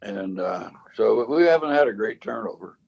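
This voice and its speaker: A man in his nineties, a bandleader and cornet player, reminiscing in a casual interview with a halting, rambling way of telling stories. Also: medium pitch, animated, gravelly, breathy edge, highs cut off. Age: 90s. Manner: rambling, halting storyteller with many restarts.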